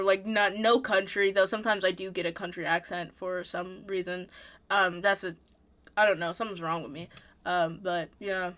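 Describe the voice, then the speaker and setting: A woman's voice: mid-range voice, a bit bright. A woman streamer from Pennsylvania with a Pennsylvania accent, chatting playfully and teasing while reacting. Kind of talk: casual reaction stream chat.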